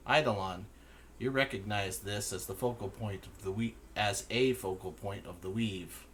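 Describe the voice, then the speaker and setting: A man narrating a tabletop game as game master in a slow, measured way. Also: on the low side, fairly bright tone, a little hiss or hum.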